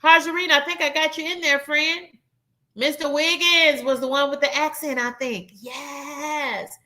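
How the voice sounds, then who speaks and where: A woman's voice: sits high, fairly even intonation, unhurried, bright, forceful tone. A woman hosting a casual live-stream game night, reading viewers' answers and chatting with them as y'all. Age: adult, 21 or older. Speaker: livestream game night host.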